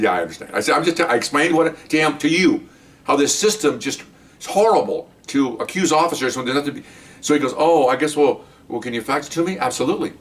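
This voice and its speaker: A man's voice: mid-range voice, fairly bright tone, recorded from a distance. Blunt older man telling cop stories. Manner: blunt, wry, acts out both sides of conversations. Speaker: retired police detective telling stories. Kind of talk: casual storytelling.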